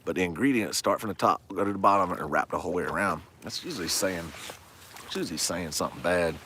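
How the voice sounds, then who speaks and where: A man's voice: sits low, lively intonation, fast talker, bright, forceful tone, a little hiss or hum. A man, chatting and joking with viewers during a fishing livestream from a lake shore. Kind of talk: casual livestream chat. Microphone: phone camera.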